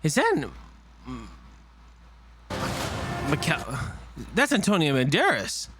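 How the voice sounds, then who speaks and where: Excitable man reacting to a trailer. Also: a little high, takes it slowly, noisy background. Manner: excitable and rambling, with many fillers and restarts. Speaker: movie trailer reviewer. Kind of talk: casual reaction commentary.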